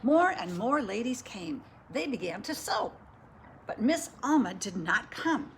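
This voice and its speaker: Animated storyteller woman, reads a picture book to kids and asks them to join in, faint noise behind. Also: a little high, unhurried. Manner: lively, asks listeners to join in. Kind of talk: reading a picture book aloud to children.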